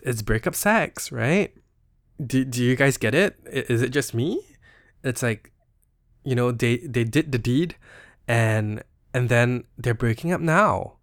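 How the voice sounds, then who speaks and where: A man's voice: medium pitch, fairly bright tone, dry recording, clean studio sound. A young Singaporean man hosting a podcast, casually unpacking a poetry book in a chatty, playful way, full of "you know" and "like". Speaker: podcast host. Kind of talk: casual solo literary analysis.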